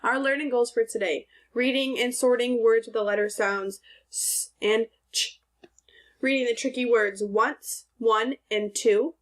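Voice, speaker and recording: A woman teacher giving a recorded phonics lesson to second graders, sounding out words clearly and answering her own questions. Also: a little high, fairly even intonation, moderate pace, hardly any pauses.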